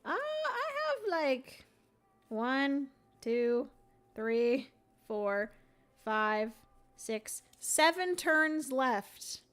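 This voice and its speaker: A young woman talks through her moves unhurriedly, a little high in her voice, musing aloud as she plays. She chats casually with her viewers between turns. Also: big pitch swings, drawn-out words, long pauses, fairly bright tone. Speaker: livestream host playing a solo board game. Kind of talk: casual livestream chat.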